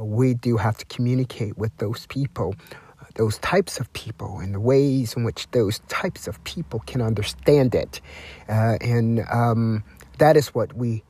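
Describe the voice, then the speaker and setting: A man hosting a talk broadcast, lecturing slowly and repeating himself while he speaks of himself in the third person. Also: medium pitch, warm tone, husky. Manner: deliberate, repetitive, refers to himself in the third person; lecturing, with drawn-out emphasis and spelled-out words. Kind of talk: self-promoting monologue.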